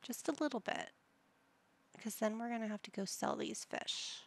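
A woman's voice: fairly high pitch, normal speed, vocal fry. A woman hosting a gaming channel, chatting casually and musing to herself as she plays, sometimes dropping to a whisper. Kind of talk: casual gameplay commentary.

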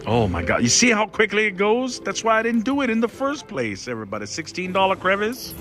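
A man giving casual live commentary as he plays slot machines on a casino floor, excitable and pleading with the machine. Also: high voice, fairly quick, faint music behind. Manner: excitable, pleading with the machine, keeps saying "everybody".

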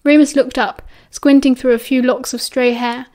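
High-voiced British woman reading aloud. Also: level tone, moderate pace, darkish tone. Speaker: audiobook reader. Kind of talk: fan audiobook narration.

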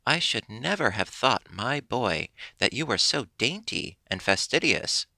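A man voicing a patient, gentle old father who lectures mildly and never loses his temper. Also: mid-range voice, big pitch swings, a little slow, creaky, no echo, full character voice.

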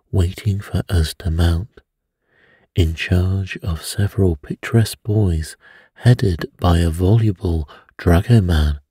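A man reading a mystery aloud as a bedtime story in a soft, soothing way. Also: low-pitched, breathy edge, dry recording, clean studio sound.

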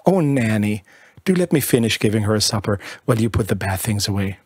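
A man reading aloud, voicing a giddy young wife and mother who speaks in a breathless, excitable, effusive way. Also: lowish voice, a little fast, slightly rough, no room sound. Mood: excited.

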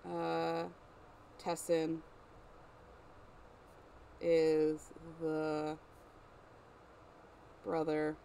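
Writer on a livestream thinking aloud, mid pitch, faint background hum. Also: monotone, extremely slow, creaky, long pauses, warm tone. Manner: thinking aloud, self-correcting. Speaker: writer live-streaming story editing. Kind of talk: casual livestream chat.

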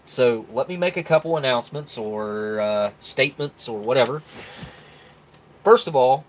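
A man chatting casually on a live stream from home, greeting viewers one by one and wandering through announcements. His voice sits at an ordinary middle pitch and comes through a desk mic. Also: lively intonation, moderate pace, a little hiss or hum.

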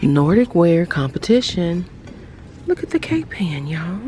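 A woman's voice: lowish voice, sing-song, measured pace. A woman vlogger gushing over items while walking through a large store, often dropping into half-whispered asides. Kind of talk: casual shopping vlog. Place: inside a large retail store. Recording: noisy store ambience.

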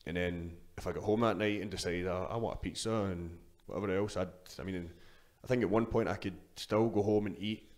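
Casual Scottish man, lowish voice. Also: steady tone, fairly quick, hardly any pauses, a little mellow. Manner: swears freely, storytelling with frequent restarts. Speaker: guest, powerlifter. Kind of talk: casual podcast interview.

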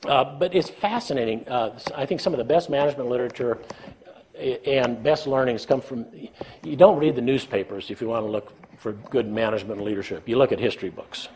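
An older American man gives a leadership talk in a medium-pitched, somewhat mellow voice, speaking fairly quickly over a slight hiss or hum. His conversational lecture is built on self-deprecating anecdotes, and he acts out bits of dialogue with a chuckle.

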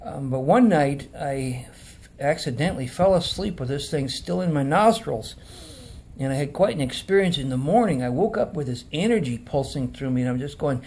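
A man's voice: a little high, lively intonation, a little fast, darkish tone, slightly rough. A man speaking into a phone camera in an earnest, casual monologue, often repeating words for emphasis. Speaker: video presenter.

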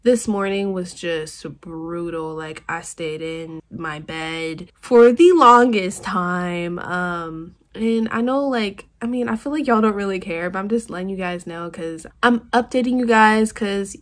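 A woman's voice: mid-range voice, a little slow, hardly any pauses. A woman in her twenties talking casually to her vlog camera, rambling with lots of "like", emotional and on the verge of tears. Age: 20s. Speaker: vlogger.

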